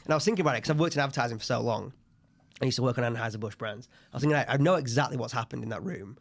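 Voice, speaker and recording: A man's voice: mid-range voice, rapid-fire, gravelly. A man in his thirties co-hosting a podcast, chatting casually and telling anecdotes. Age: 30s. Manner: chatty, tells anecdotes, puts on voices in quotes. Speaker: podcast co-host. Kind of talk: casual chat.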